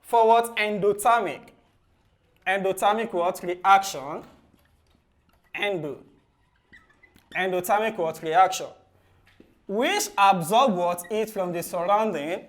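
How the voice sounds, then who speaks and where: A man teaching chemistry for exam preparation. He ends nearly every phrase with "what?" and then answers it himself in a low, soft voice. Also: slow. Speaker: chemistry tutor. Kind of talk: exam-prep lesson.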